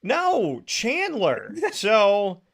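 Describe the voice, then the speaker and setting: A man hosting a casual podcast, telling a story in a lively, animated way and laughing as he goes. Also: high-pitched, extremely slow, vocal fry. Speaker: podcast host. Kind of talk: casual chat.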